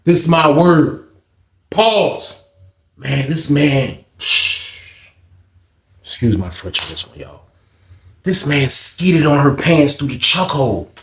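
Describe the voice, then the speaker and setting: Lively storyteller man, high voice, echoey room. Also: slow, long pauses, slight background noise. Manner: animated, swearing slang. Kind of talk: casual storytime.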